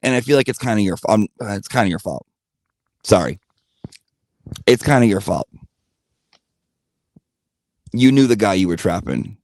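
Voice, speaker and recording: A man's voice: fairly low pitch, expressive, normal speed, pauses often, a little mellow, dry recording. A man telling a blunt, profane gossip story in a rambling rant-style monologue. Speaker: channel host.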